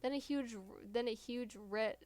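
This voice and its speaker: A woman's voice: a little high, normal speed, darkish tone. A woman streamer reading a dating-sim game's text aloud and breaking off into giggling asides.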